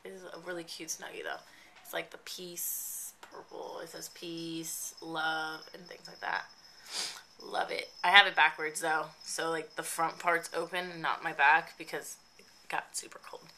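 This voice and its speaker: A young woman with a stuffy nose and a slightly raspy voice, chatting casually in a vlog update with lots of fillers. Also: low-pitched, normal speed, pushed and bright, a little hiss or hum. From New Jersey. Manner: chatty, rambling with many fillers. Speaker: makeup vlogger.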